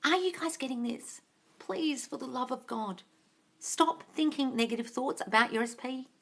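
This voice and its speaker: A woman's voice: sits high, normal speed, gravelly, a bit bright. A young woman running a livestream Q&A as a manifestation coach, blunt and sweary, stressing her points and reading viewers' comments aloud. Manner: blunt, sweary, emphatic, reads chat aloud. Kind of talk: ranting livestream Q&A.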